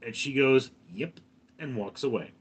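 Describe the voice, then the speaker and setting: A man's voice: medium pitch, unhurried, slightly rough. A man hosting a casual livestream from home, telling a long anecdote and reading out chat comments. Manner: chatty, reads out chat comments between anecdotes. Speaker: livestream host.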